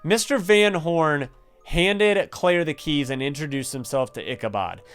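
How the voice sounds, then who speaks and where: A young man narrates a game and chats with his audience in an excitable, friendly way. His voice sits a little high and sounds smooth and clear. Soft game music plays faintly behind him. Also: measured pace. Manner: excitable, chatty, drops to hushed tones when spooked. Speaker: gaming YouTuber. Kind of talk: gameplay commentary and story reading.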